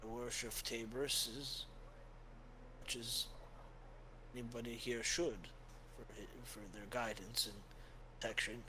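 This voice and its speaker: A man voicing a gentle, tired old male dwarf priest who speaks haltingly and searches for names, in a tabletop game. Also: mid-range voice, little pitch movement, a little hiss or hum, low-quality recording.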